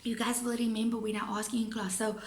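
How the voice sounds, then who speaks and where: A woman's voice: a little high, level tone, quick pace, darkish tone. A woman with a South African accent, a teacher giving a chatty, playful video lesson to her students. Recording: roomy echo.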